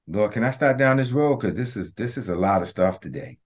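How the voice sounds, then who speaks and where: A man, a pastor preaching a sermon, who prays in a hushed voice and then preaches with passion, often calling out to his congregation. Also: medium pitch, expressive, fairly quick, few pauses. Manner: impassioned preaching that turns to the congregation; hushed, prayerful delivery.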